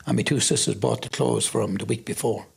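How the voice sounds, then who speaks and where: A man's voice: medium pitch, steady tone, fairly quick, gravelly. A middle-aged Irish man recounts his own past in an interview, acting out the things people said. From Ireland. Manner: vivid storytelling, acts out quoted talk. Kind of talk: personal testimony.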